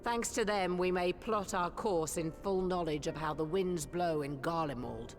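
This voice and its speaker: A woman's voice: fairly low pitch, moderate pace, lightly acted. An actress voicing a composed, formal female leader who speaks in archaic phrasing. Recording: long reverb with game music.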